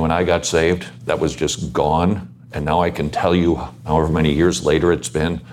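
A man's voice: very deep voice, darkish tone, a little hiss or hum. A man speaking earnestly on a Christian panel, exhorting listeners to live for the Lord.

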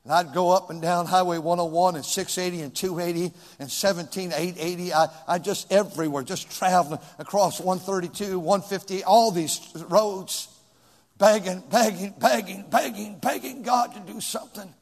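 A man, a pastor preaching a sermon in a church sanctuary. His delivery swings from shouted pleas to hushed, near-whispered prayer. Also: high voice, fairly even intonation, moderate pace, hardly any pauses. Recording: long hall reverb.

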